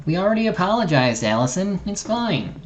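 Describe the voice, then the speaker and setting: A streamer voicing a soft-hearted, forgiving young woman paladin and healer, reading game dialogue aloud with stumbles and restarts. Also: fairly low pitch, very animated, a little fast, a little hiss or hum, voice pushed up. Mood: reassuring.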